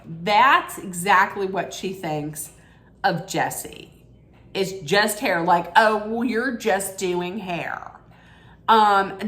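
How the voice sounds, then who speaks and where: A woman's voice: fairly low pitch, fairly bright tone. A woman giving a casual recap rant of a reality show, rambling and opinionated with frequent ums and restarts.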